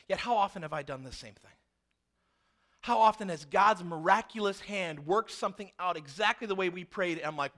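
With a high voice and a slightly quick delivery, a male pastor preaches, bringing the story to life by performing the voices of the people involved.

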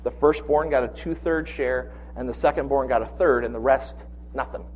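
A man in his forties preaching a sermon, telling personal stories with animated quoted voices. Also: mid-range voice, normal speed, slight background noise. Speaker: pastor.

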